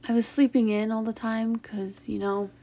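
A young adult woman telling a personal story in a halting, emotional way, with sighs and restarts. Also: fairly high pitch, level tone, mellow. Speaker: vlogger. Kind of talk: personal confessional talk.

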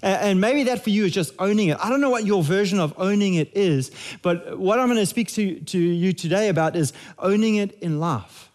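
A man's voice: sits high, brisk, a little mellow. A man, preaching a sermon in a conversational, jokey way with frequent restarts. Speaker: pastor.

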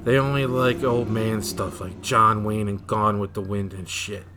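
An actor playing an excitable young male gravedigger who talks in an animated, exasperated way. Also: lowish voice, a little slow, a little hiss or hum.

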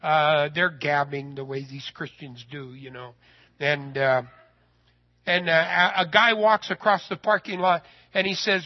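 A man telling a personal story in a sermon, folksy and animated, his voice rising when he gets excited. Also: on the high side, measured pace, highs cut off.

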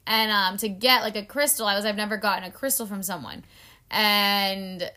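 Bright-voiced chatty young woman. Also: medium pitch, moderate pace. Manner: chatty, heavy use of "like", animated retelling. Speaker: podcast co-host. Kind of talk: casual chat.

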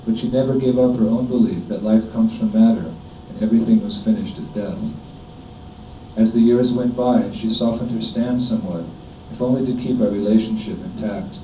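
A middle-aged man reads a devotional homage letter aloud in a measured, solemn way. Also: fairly even intonation. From United States. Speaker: disciple reading a homage letter. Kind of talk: reading a written devotional offering aloud. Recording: dull, echoey, distant room recording with faint rumble.

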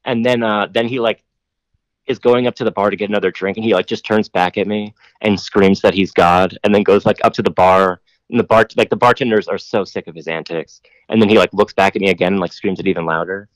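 A man's voice: fairly low pitch, steady tone, fast, no room sound. A man telling a long rambling story in casual podcast chat, full of "like" and casual swearing.

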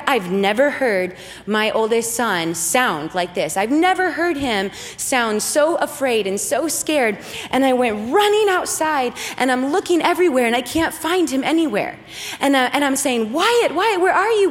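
A woman in her thirties giving a faith testimony talk, telling a story in a lively, humorous way. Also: on the high side. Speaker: speaker. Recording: long hall reverb.

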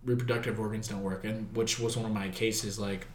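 Young dude chatting loose and candid, cusses a lot, kinda echoey room. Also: male voice, on the low side, steady tone, fairly quick, slight background noise. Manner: candid, laid-back, swears freely, says "dude" a lot. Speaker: metal vocalist, podcast guest. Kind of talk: casual storytelling chat.

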